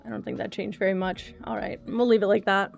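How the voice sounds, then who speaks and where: A young woman chatting casually on a livestream, soft-spoken and quick to laugh as she talks to her cats and her chat. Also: medium pitch, level tone, gravelly, lo-fi sound, soft background music.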